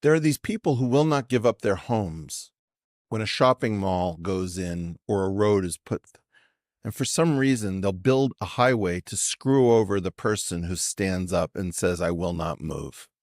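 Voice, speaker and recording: A man's voice: on the low side, expressive, normal speed, darkish tone, no echo, studio quality. A man speaking as a podcast guest in an assertive, professorial way, challenging his host with pointed questions. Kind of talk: conversational podcast discussion.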